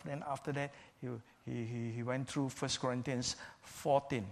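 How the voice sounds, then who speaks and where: A man preaching a sermon in a measured, emphatic way, repeating key phrases for stress. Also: medium pitch, steady tone, a little mellow.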